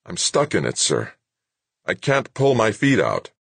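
Man doing a nervous sergeant, higher, hollow, husky. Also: huge pitch swings, measured pace, no echo, exaggerated voice. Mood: uneasy. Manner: uneasy, hollow, deferential. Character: scared male sergeant in spacesuit.

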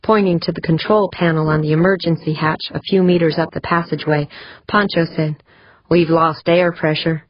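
A woman reading a story aloud as a narrator, in a steady, measured way. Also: on the low side, no echo, muffled recording. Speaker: audiobook narrator. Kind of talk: scripted narration.

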